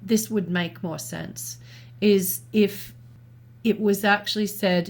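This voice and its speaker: Woman co-host, middle-pitched voice, measured and reflective, talks through ideas as she goes. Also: steady tone. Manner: thoughtful, measured, reasoning aloud with small restarts. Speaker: podcast co-host. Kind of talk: reflective conversational commentary.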